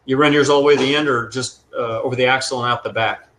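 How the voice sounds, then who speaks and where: A man's voice: mid-range voice, steady tone, fast, fairly bright tone, rough recording. A man in his thirties chatting loosely about mufflers and exhaust setups, joking as he goes. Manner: loose, joking, rambling car talk. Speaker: muffler maker guest. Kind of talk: casual live show chat.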